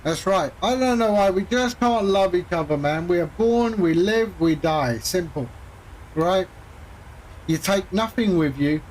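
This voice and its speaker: Male streamer, high voice, casual rambling storyteller with chuckles. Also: a little slow, a little mellow, slight background noise, poor audio. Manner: rambling storyteller, chuckles often, acts out callers. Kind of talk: casual chat while streaming a flight sim.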